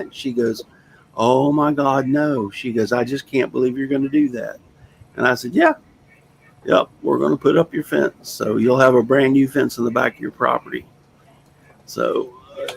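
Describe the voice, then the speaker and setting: A man in his sixties hosts a casual talk show, telling a rambling, folksy story in plain language. His gravelly, creaky voice sits at an ordinary pitch, and the audio is poor.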